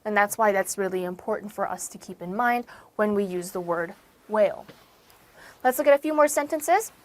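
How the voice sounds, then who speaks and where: An American woman from the United States teaches English vocabulary in an online lesson, her voice mid-range and her pace normal. She explains words patiently, repeating and rephrasing them, and hits key words with sudden, emphatic stress.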